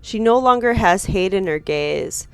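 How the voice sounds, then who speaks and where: A woman streamer reading a visual novel aloud with dramatic, expressive narration, breaking in with her own reactions. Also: mid-range voice, a little slow, clear, resonant tone, no echo. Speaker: game streamer.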